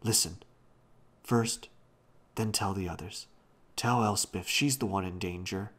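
A man's voice: low voice, unhurried. A man voicing a frail, dying old grandfather who wheezes out urgent warnings. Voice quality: wheezing, faint.

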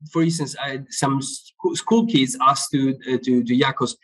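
A man being interviewed online about his work lays out his ideas, repeating words as he gropes for phrasing. His medium-pitched voice is steady, a little slow, and fairly bright, though the audio quality is poor.

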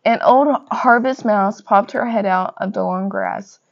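A young woman reading a children's picture book aloud, in a lively storybook manner with gentle voices for the characters. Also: mid-range voice, a little slow. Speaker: reader. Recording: dull lo-fi recording.

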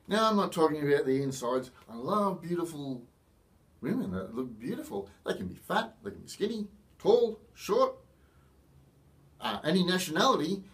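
A middle-aged Australian man talking casually to camera in a rambling, chatty way with self-mocking humour. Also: a little high. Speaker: vlogger. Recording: voice a bit far from the mic.

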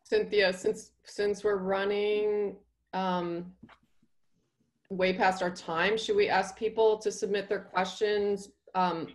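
A woman in mid-range pitch speaks up as a co-organizer. She offers a suggestion with halting pauses and fillers. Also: level tone.

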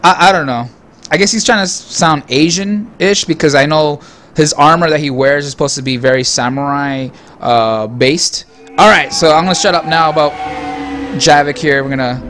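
A man's voice: a little high, moderate pace, noisy background. A young man giving profane, mocking commentary over a video game he is playing. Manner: crude, mocking asides to the game. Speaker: gameplay commentator. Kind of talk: profane let's-play commentary.

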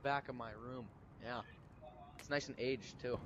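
A man's voice: medium pitch, steady tone, a little slow, highs cut off, a loud crowd. A man streaming a game, chatting casually and teasing his friends. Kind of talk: casual gaming chat.

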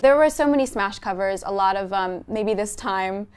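A woman's voice: mid-range voice, a crowd in the background. A young woman in her twenties, a guest chatting in a bubbly way and telling stories about herself. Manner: bubbly storyteller, quick laughs. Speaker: interview guest. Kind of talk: casual interview chat.

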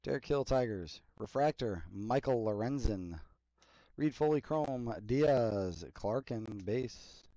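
A man hosting a card break, reading player names in a steady list between casual chatty asides. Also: medium pitch, slow pace, no room sound, low-quality recording. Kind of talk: casual running commentary while opening card packs.

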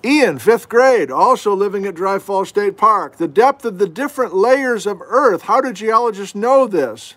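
A middle-aged geology instructor hosts a casual livestream lesson from his home, answering viewer questions with folksy chat and self-deprecating asides. His fairly high voice moves a little slowly with hardly any pauses, picked up by what sounds like a webcam or desk mic indoors.

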